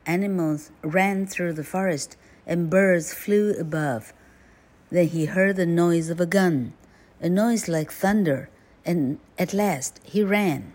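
Gentle woman reading a storybook. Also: lowish voice, takes it slowly. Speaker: host. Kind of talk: bilingual storybook narration.

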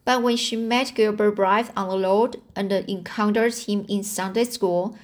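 Slow, halting woman reading aloud. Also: mid-range voice. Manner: slow, halting, frequent restarts and fillers. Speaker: reader. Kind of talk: reading a novel aloud with commentary.

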